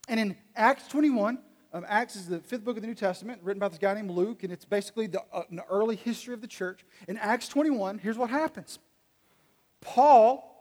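A man delivers a sermon as a pastor, with a notably high voice. He tells the story in relaxed, conversational language and slips into quoted lines along the way. The sound carries the long reverb of a large hall.

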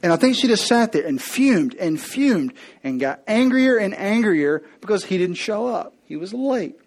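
A preacher man with a high voice tells the story with playful humor. He slips into the characters as he goes and speaks right to the congregation. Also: big pitch swings, moderate pace. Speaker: pastor. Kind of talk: comedic sermon storytelling.

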